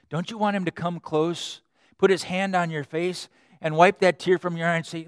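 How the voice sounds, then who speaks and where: A man preaching a sermon with lively swings between loud emphasis and quiet tenderness. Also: fairly high pitch, moderate pace, dry recording, clean studio sound. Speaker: pastor.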